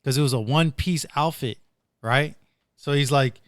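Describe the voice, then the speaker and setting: A man's voice: mid-range voice, normal speed, no room sound, studio quality. A man hosting a casual podcast, rambling through retold stories with plenty of "dude" and "like". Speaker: podcast host.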